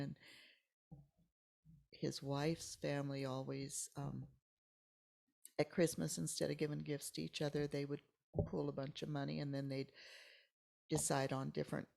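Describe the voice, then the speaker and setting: An older woman, a church member, telling a personal story in a podcast interview, halting and emotional, often dropping to near-whispers. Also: low voice, creaky, darkish tone.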